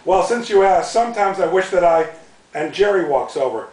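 A man's voice: sits high, animated, normal speed, darkish tone. Laughing man reading his book aloud. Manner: amused, breaking into laughter while reading. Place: bookstore in front of a live audience. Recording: roomy, from a distance.

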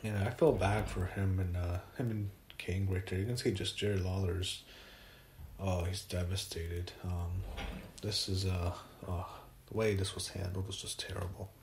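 A man giving a casual spoken review, retelling events haltingly with many fillers and restarts. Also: low voice, level tone, echoey room, a little hiss or hum.

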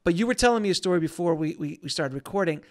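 A man's voice: fairly high pitch, expressive, very fast, darkish tone. A man hosting a podcast, asking questions and giving brief encouraging reactions. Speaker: podcast host. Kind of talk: interview questions.

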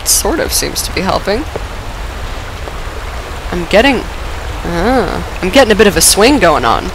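A woman playing through a game while sick, her dry-coughing illness pushing her voice down and roughening it. She talks slowly but swings her pitch wildly, bursting into cheers, curses and laughs at her own failures. Steady noise sits under the recording. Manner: excitable, swears and laughs often, self-mocking. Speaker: let's play gamer. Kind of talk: casual gameplay commentary.

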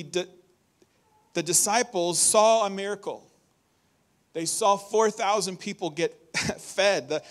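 Man, preacher, sermon, conversational, animated, fairly high-pitched, church. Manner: conversational, animated, acts out quoted warnings.

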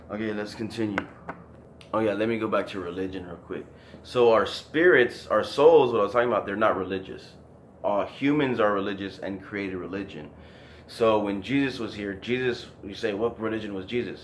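A man's voice: low voice, roomy sound, background noise. A man giving an informal, earnest talk on scripture, rambling with many restarts and emotional, close to tears. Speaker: online religious talk host.

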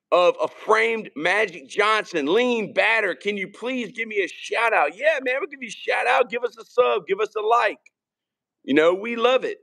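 A man from Virginia, co-hosting a casual podcast stream and rambling through shout-outs and jokes. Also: high voice, gravelly. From Richmond, Virginia. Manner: rambling, shouting out viewers, joking. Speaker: podcast co-host. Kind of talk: casual live-stream chat.

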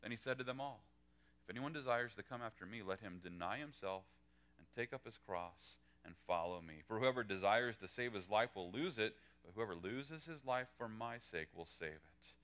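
A male pastor teaching a verse-by-verse sermon, acting out quoted dialogue with big lively swings. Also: normal speed. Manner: animated, acts out quoted lines with pitch jumps.

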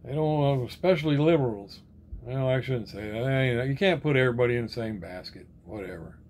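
Reading viewer comments aloud, this diecast collector chats casually at a slightly quick pace, his medium-pitched voice darkish over slight background noise. He rambles easily, says each commenter's name before replying, and keeps tossing out lines such as "right on, brother." He mentions a sore arm and shoulder.

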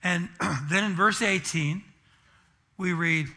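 A man's voice: high-pitched, slow, sharp tone. A pastor preaching a sermon in church and telling a self-deprecating, humorous story about his family.

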